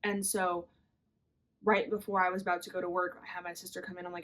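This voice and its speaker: A woman's voice: fairly low pitch, level tone, fast talker, a bit bright. Candid young woman hosting a confessional podcast. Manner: candid, rambling, many "like" and "literally" fillers. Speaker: podcast host. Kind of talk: confessional personal monologue.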